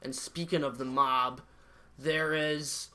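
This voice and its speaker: A man's voice: medium pitch, steady tone, takes it slowly, sharp tone. A young man co-hosting a podcast, joking crudely and swearing often, laughing between lines. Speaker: podcast co-host. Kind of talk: crude casual banter.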